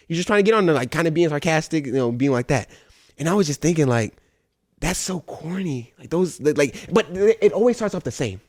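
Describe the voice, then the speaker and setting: Fast, lively man on a dry mic. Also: mid-range voice, no room sound. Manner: rambling, mimics others in quoted bits. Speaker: podcast co-host. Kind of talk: casual chat.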